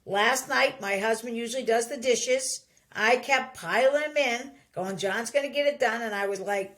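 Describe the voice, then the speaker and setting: Speaking at normal speed in a voice on the high side, a middle-aged podcast host gives casual advice. She delivers it animatedly, performing the voices of anyone she quotes.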